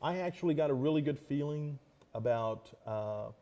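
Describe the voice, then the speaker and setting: A man's voice: medium pitch, expressive, moderate pace, crowd noise. A man hosting a casual interview, enthusiastic and jokey. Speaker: show host.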